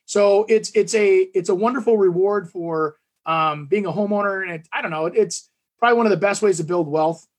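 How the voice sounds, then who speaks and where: A man with a high, husky voice hosts a relaxed podcast conversation. He tells rambling stories full of fillers and restarts. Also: a little fast. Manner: talkative storyteller, many fillers and restarts. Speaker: podcast co-host. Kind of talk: casual chat.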